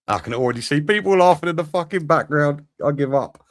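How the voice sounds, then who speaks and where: A man hosts a casual live football show, cursing freely as he talks. His voice leaps around with lively, animated intonation, excitable and easily exasperated. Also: fairly high pitch, brisk. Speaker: podcast host.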